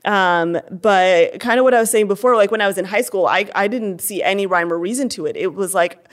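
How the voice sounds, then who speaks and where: A woman's voice: medium pitch, a little fast. A young adult woman giving a candid personal testimony as an interview guest, talking earnestly with many fillers and restarts.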